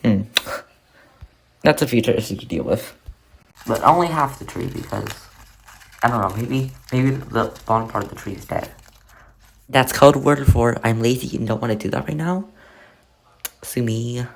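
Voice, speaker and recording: Rambling self-mocking crafting vlogger, gravelly. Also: medium pitch, moderate pace, long pauses. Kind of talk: casual narrated crafting vlog.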